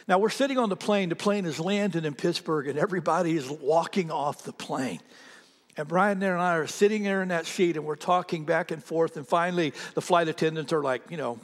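A man preaching a sermon as pastor, telling a story with lively animation and dropping to a hush for serious points. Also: a little high, brisk, in a large hall. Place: church sanctuary.

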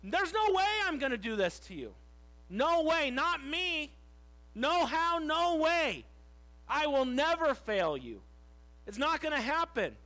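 A man's voice: extremely high pitch, big pitch swings, slow, pushed and bright, voice pushed up, full character voice. A preacher acting out a proud male disciple who insistently protests that he will never fail. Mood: adamant.

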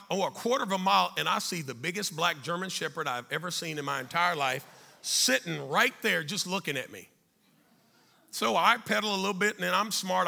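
A middle-aged man telling a life story to an audience, animated and then dropping quiet and serious. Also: high voice, gravelly. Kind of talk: storytelling talk.

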